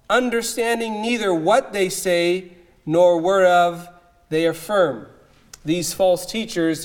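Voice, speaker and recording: Male preacher, slow and emphatic delivery with long pauses. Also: high-pitched. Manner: emphatic, measured, with dramatic pauses. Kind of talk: expository sermon.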